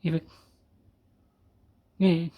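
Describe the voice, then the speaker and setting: A man's voice: very slow, dull audio. A man from Australia with an Australian accent, giving casual reaction commentary in a laid-back, blunt way. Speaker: reaction video host.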